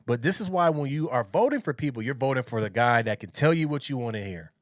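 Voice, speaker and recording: A man's voice: medium pitch, expressive, fast talker, dry recording, clean studio sound. A man hosting his own reaction channel, giving blunt, opinionated commentary and often repeating himself. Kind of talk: casual commentary.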